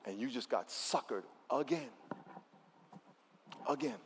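A man's voice: medium pitch, slow, fairly bright tone, long reverb tail, a little hiss or hum. A man preaching a sermon as pastor at a church service, talking conversationally and emphatically and leading the congregation in call-and-response.

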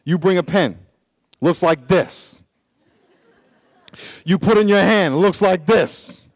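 A man preaching a sermon in church as pastor, swinging between loud exhortation and low asides and repeating phrases for emphasis. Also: slow, vocal fry, no echo.

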